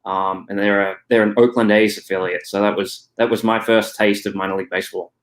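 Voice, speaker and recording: A young man with an Australian accent talks through his answers in a low, level voice that barely rises or falls. He hedges and restarts often, leaning on "you know" as he goes. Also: level tone, fairly quick. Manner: hesitant, many "you know" fillers and restarts. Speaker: guest. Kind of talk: casual interview answers.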